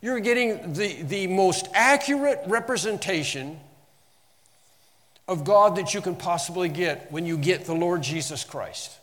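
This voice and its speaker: A man's voice: high-pitched, expressive, unhurried, a bit bright, in a large hall. A man teaching a Bible lesson as a sermon, quoting verses with emphasis and often restarting phrases.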